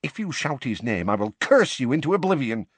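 A man putting on a brisk, bossy young woman. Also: fairly high pitch, big pitch swings, a bit bright, breathy edge, no room sound, voice pushed up, heavily acted. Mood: menacing. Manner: brisk and commanding.

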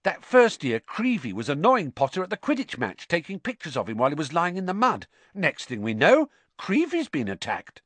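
A man voicing a stout, solemn schoolboy wizard who gossips in a conspiratorial hush. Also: a little high, huge pitch swings, moderate pace, few pauses, dry recording, pitched above the performer's own voice, exaggerated voice.

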